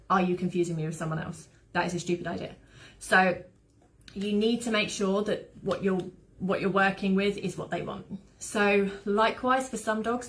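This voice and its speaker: Woman dog trainer, medium pitch, chatty teaching style with plenty of tangents. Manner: chatty, rambling, fond of anecdotes. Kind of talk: informal online teaching talk.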